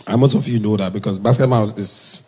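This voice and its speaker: A man telling comic stories in Nigerian Pidgin English, jumping into high, shouted voices for the people he quotes. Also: brisk, slightly rough. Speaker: stand-up comedian. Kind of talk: comic storytelling monologue.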